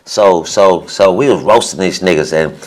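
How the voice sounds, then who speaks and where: Profane, animated man telling a story. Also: deep voice, moderate pace. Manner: animated, profane, laughing, mimics voices. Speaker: former basketball player, guest. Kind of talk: storytelling on a podcast.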